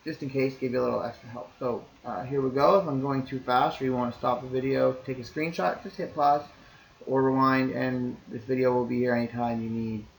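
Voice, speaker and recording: A man's voice: medium pitch, steady tone, brisk, vocal fry, echoey room, slight background noise, rough recording. A man teaching, explaining to parents in a recorded lesson in an easygoing, reassuring way, talking things through step by step.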